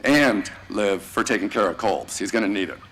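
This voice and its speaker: Male teacher, graduation farewell speech, warm and slangy, thanks students by name. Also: lowish voice, animated, moderate pace, a little hiss or hum, rough recording.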